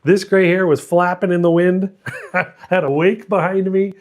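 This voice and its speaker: A middle-aged man on his own channel tells a story in a rambling, self-mocking way, often laughing and restarting his sentences. His voice is high-pitched with fairly even intonation, and he speaks at normal speed.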